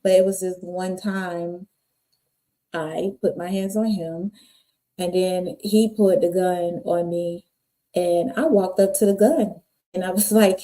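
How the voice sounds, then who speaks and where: A woman's voice: fairly low pitch, measured pace. A woman, guest on an interview podcast, telling her life story candidly and acting out the people in it. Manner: animated, acts out voices in her stories.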